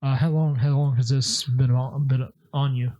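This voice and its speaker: A man's voice: mid-range voice, little pitch movement, moderate pace, dark tone, highs cut off. A man playing a tabletop game, speaking in character and joking with the table. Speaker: player. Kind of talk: casual tabletop play.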